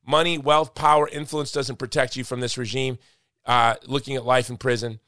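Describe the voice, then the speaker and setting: A man's voice: mid-range voice, little pitch movement, normal speed, pushed and bright, no room sound, clean studio sound. A man hosting a podcast in casual chat, speaking with passion and repeating points for emphasis. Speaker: podcast host.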